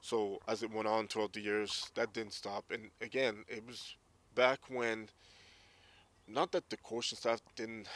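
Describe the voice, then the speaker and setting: A man's voice: lowish voice, fairly bright tone. A man around forty, a former hockey player, candidly recounting his memories in an interview. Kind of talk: casual interview storytelling.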